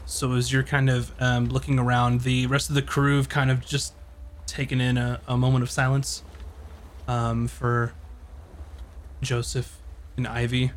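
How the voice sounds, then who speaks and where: A man's voice: mid-range voice, monotone, measured pace, long pauses, slight background noise. A man running a tabletop game, narrating loosely and playing characters with a joking manner. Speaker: game master.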